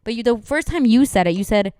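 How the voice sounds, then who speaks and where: A woman's voice: on the high side, animated, fast, a little mellow. A woman co-hosting a podcast in casual chat, laughing often and quoting people in playful voices. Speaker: podcast co-host.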